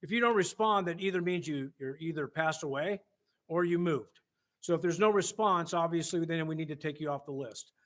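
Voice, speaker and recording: Fast-talking man explaining procedure. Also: on the high side, fairly bright tone. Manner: explanatory, matter-of-fact. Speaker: state senator guest. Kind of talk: political interview.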